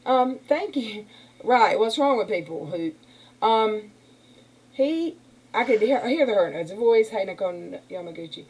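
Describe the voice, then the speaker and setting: On a casual livestream, a woman with a medium-pitched, husky, somewhat mellow voice rants at a moderate pace, animated and indignant. She wanders from point to point and uses "y'all." Her computer mic gives a rough recording.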